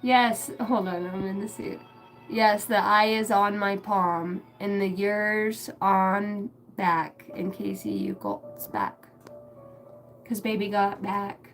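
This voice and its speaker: A woman's voice: mid-range voice, fairly even intonation, slow, faint music behind, low-quality recording. A woman rambling crudely on her live stream, swearing often and laughing as she talks. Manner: crude, giggly, swears a lot. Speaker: livestream host.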